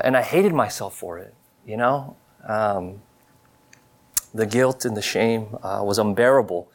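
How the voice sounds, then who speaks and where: A man in his thirties telling a personal testimony in a sermon, earnest and confessional, halting with many fillers and restarts. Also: mid-range voice. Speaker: preacher.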